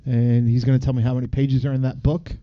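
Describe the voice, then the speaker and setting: A man's voice: mid-range voice, flat delivery, quick pace. A man co-hosting a casual podcast, explaining things in a rambling way with lots of fillers. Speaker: podcast co-host. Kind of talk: casual chat. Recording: dull lo-fi recording.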